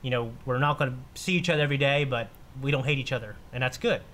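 A man's voice: mid-range voice, fast talker, slight background noise. A man in his thirties co-hosting a casual podcast, telling stories with laughs and restarts. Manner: animated storyteller, laughs often, repeats himself. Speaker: podcast co-host. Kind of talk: casual group chat, storytelling.

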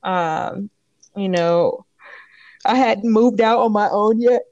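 Young woman, podcast co-host, casual storyteller, mid-pitched, dry close sound. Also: takes it slowly, no echo, dull audio. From California. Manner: storytelling, animated quoted asides. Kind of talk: casual chat.

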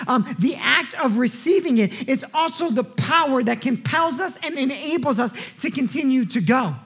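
An earnest woman pastor delivers a sermon at a middle pitch. She restarts phrases and repeats words as she goes, then drops low and soft to land key words. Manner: drops pitch and volume for emphasis.

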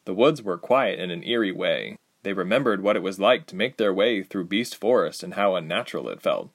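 A man narrating a fantasy audiobook with expressive storytelling. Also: low voice, brisk. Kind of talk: scripted narration.

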